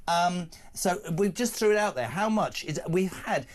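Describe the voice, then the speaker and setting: Male talk host, a lively voice that jumps up and down in pitch, banters and restarts his lines. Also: moderate pace, a little hiss or hum. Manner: animated, restarts phrases, jokey asides. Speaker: radio and TV talk show host. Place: broadcast studio. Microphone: studio microphone.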